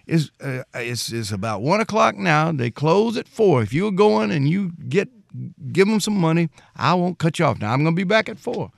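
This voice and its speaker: A jovial Southern prankster with a drawl hollers in a folksy, teasing way, as a man puts on his father. The voice sits high above the performer's own. It sounds dry and close. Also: sing-song, normal speed, creaky, no echo. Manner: hollering, folksy, good-natured.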